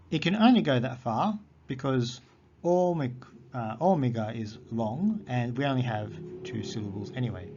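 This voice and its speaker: Male teacher, mid-pitched, patient and repetitive, on a dull lo-fi recording. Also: lively intonation, a little mellow, breathy edge. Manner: patient explaining, repeats words slowly. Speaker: Greek teacher. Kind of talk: recorded grammar lesson. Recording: dull lo-fi audio.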